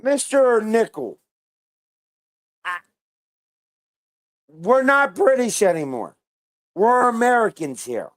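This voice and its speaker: Unhurried, blunt woman hosting reactions, lively pitch. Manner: blunt, rambling, slangy. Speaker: reaction video host. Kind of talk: casual reaction commentary.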